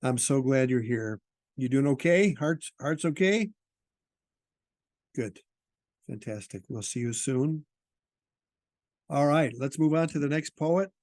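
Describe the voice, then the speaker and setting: Slow-spoken man hosting an open mic. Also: mid-range voice, expressive, darkish tone, no room sound, clean studio sound. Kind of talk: casual hosting.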